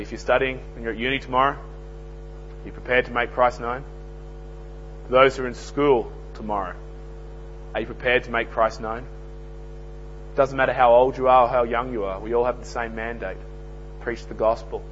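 A man preaching a sermon, swinging from loud emphasis to hushed lines. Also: medium pitch. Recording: dull lo-fi recording with faint mains hum.

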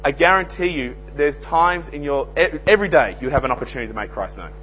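A man's voice: on the high side, lively intonation, fast, fairly bright tone. An earnest young Australian man preaching an evangelistic sermon, telling plain-spoken anecdotes. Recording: dull lo-fi recording with faint hum.

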